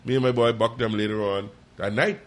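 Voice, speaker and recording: A man telling a story in casual chat, animated and profane. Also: fairly quick. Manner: animated, profane, jumps high when quoting. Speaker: podcast co-host.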